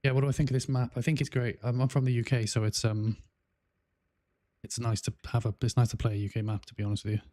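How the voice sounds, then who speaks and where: A man's voice: medium pitch, flat delivery, quick pace, mellow, dry recording. A man with a South Welsh accent chatting casually on a gaming livestream, rambling with lots of fillers and restarts. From South Wales. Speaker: gaming streamer.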